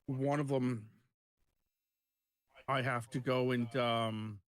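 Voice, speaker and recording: A man with a mid-pitched voice talks casually during a game stream. He rambles through his stories and swears when annoyed. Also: fairly even intonation, slow. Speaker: co-op gaming streamer. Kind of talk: casual chat while gaming.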